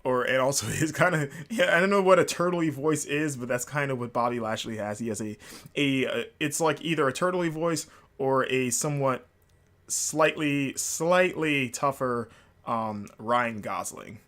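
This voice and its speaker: A man hosting a solo podcast, talking casually at a middle pitch. He rambles and restarts often, with plenty of fillers, and he sounds openly enthusiastic. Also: normal speed, fairly bright tone. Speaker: podcast host.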